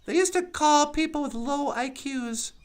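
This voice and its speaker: A woman's voice: high voice, a little slow. A woman telling stand-up stories in a sardonic way, acting out other people's voices as she goes. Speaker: comedian. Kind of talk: stand-up storytelling.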